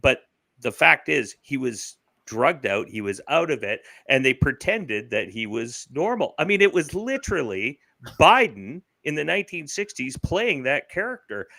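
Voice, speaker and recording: A man's voice: medium pitch, very animated, moderate pace, gravelly, bright, forceful tone, no echo. A man co-hosting a casual political chat, emphatic and repeating his points.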